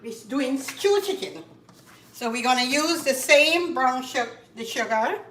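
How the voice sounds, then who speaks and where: A woman with a Caribbean accent hosting a casual cooking demonstration, chatty and repeating herself, getting loud and emphatic when she makes a point. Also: sits high, lively intonation, a little slow, far from the mic, a little hiss or hum. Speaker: cooking show host. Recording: echoey kitchen, voice from off-mic. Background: faint clatter of pots and dishes.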